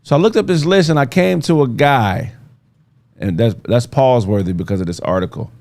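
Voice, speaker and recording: A man with a gravelly, grainy voice hosts a casual podcast. He talks loosely and jokes his way through the facts he reads out. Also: medium pitch, a little fast, darkish tone. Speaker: podcast host. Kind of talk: casual chat.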